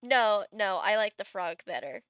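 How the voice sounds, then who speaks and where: A woman's voice: medium pitch, lively intonation, moderate pace, a bit bright, clean tone, no room sound, clean studio sound. A woman streaming live, chatting casually and thinking aloud while she builds a game character, gushing and laughing.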